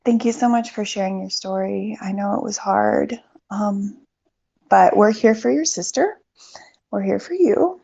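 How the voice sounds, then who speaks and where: Soft-spoken gravelly woman host. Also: medium pitch, a little slow. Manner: warm, reassuring, soft-spoken. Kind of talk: casual chat. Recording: dull lo-fi online audio.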